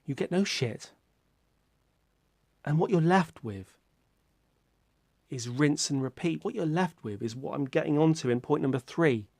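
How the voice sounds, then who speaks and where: A British man talking to his viewers in a casual vlog, rambling and self-mocking, swearing casually and breaking into sudden loud outbursts. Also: on the high side, expressive, unhurried, creaky, long pauses, no echo, clean studio sound. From Britain. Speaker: YouTuber.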